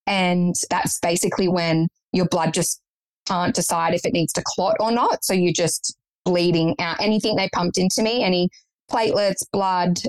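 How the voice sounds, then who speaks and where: A woman's voice: lowish voice, dry recording, rough recording. A young woman guest recounting a personal story in conversation, earnest and matter-of-fact.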